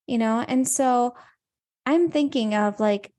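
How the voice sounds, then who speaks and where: Woman, podcast host, higher voice, earnest, casual chat, frequent "like" asides. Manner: earnest, animated, quick asides with "like". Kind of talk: casual faith podcast conversation.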